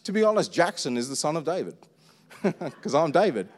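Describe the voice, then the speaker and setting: A middle-aged man delivers a sermon with a high voice and an easy, conversational manner. He keeps asking the room rhetorical questions. His voice carries a long reverb from a large church hall. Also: big pitch swings, brisk. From Australia. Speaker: pastor.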